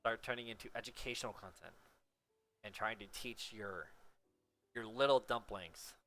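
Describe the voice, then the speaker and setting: A man's voice: on the low side, normal speed, bright, forceful tone, a little hiss or hum. A man talking in a casual, rambling monologue, often tagging his points with a rhetorical "right?" and sometimes swearing.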